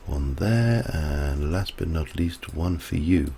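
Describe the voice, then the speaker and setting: This male livestreamer's voice sits low and mellow with vocal fry; he takes it slowly yet hardly pauses, and slight background noise is present. Chatty and rambling, he drifts into side stories while commenting casually on his game.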